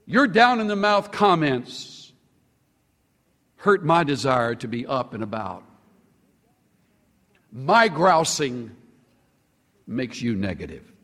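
A man preaching a sermon to a congregation, animated, stretching out key words for emphasis. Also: long reverb tail. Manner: animated, sweeping pitch swings with slow drawn-out emphasis. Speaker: pastor.

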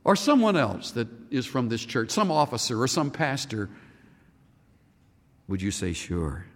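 A man preaching a sermon as a pastor, animated and firing rhetorical questions at the congregation. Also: medium pitch, a little slow. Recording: reverberant hall.

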